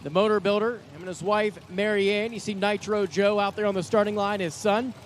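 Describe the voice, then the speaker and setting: A man announcing drag racing live at the track, excitable and folksy, quick with a joke. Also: high voice, slight background noise. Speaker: track announcer and assistant general manager. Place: outdoor drag strip. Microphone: hand-held announcer mic.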